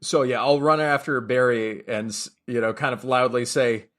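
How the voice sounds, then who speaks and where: A man's voice: mid-range voice, moderate pace, fairly bright tone. A man playing a character in a tabletop role-playing game, talking hesitantly with many restarts. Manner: hesitant, full of fillers and restarts. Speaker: player. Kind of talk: casual tabletop play.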